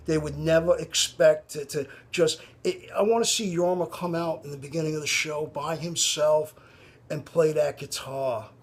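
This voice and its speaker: A man's voice: fairly high pitch, fairly even intonation, normal speed. A man making a casual, rambling appeal to a band, full of restarts and repeated "you know". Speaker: fan addressing a band. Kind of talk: casual direct-to-camera appeal.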